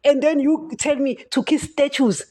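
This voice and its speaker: Young woman on a christian podcast, fervent and repetitive, keeps saying guys, slightly high voice. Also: fairly even intonation, normal speed, warm tone. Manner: emphatic, repeats "guys" constantly. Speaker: podcast host. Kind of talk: Bible reading and impassioned Christian talk.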